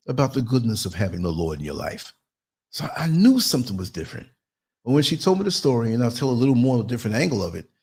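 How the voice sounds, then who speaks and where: Lively, husky-voiced man talking bluntly. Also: fairly high pitch. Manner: blunt, animated storyteller. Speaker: podcast host. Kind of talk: casual commentary monologue.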